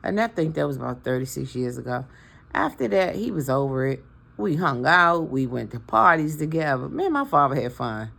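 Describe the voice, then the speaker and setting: Gravelly-voiced woman vlogger. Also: a bass voice, big pitch swings, normal speed, a bit bright. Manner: preachy, emotional, talks straight to followers. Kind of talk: casual heartfelt talk to camera.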